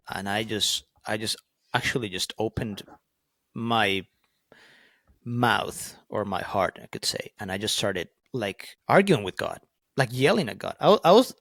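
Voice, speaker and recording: Earnest guy with as telling his god story, kinda low voice, restarts a lot. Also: vocal fry, fairly bright tone, dry recording, clean studio sound. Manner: earnest, rambling with many restarts. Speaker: podcast guest. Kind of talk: personal faith testimony.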